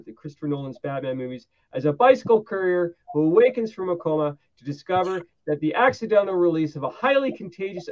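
A man's voice: on the high side, darkish tone, dull audio. A man in casual podcast chat, recapping films with eager, rambling enthusiasm and many fillers.

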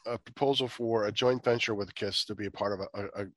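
A man hosting a podcast, telling anecdotes quickly and swearing freely. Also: fairly low pitch, fairly even intonation, a bit bright, no room sound. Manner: fast, profane anecdote telling. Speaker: podcast host. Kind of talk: casual podcast chat.

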